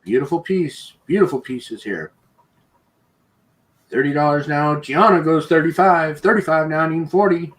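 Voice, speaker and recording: A man running a live online auction, calling bids in brisk, repetitive patter and chuckling now and then. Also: a little high, a bit bright.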